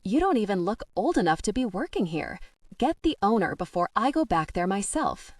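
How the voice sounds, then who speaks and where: A woman's voice: medium pitch, sing-song, moderate pace, dry recording, recorded from a distance. A woman voicing a crotchety older male customer who barks and grumbles, in an audiobook. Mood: barking. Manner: barking, gruff and grumbling.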